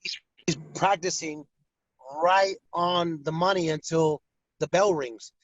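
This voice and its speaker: A boxing ring announcer with a fairly high voice tells stories slowly in a casual interview, animatedly acting out the fighters' voices. The lo-fi audio is dull and dry, with no room sound.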